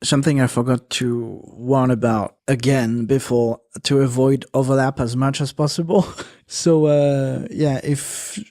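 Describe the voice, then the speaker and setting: A man's voice: mid-range voice, fairly even intonation, a little slow, few pauses, warm tone. A man hosting a podcast in casual chat, speaking hesitantly with many filler sounds and restarts. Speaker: podcast host and editor.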